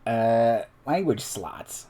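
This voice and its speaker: A man's voice: mid-range voice, big pitch swings, extremely slow, warm tone. A man streaming a solo tabletop game, casually thinking aloud and reading numbers off a character sheet, with asides to his chat.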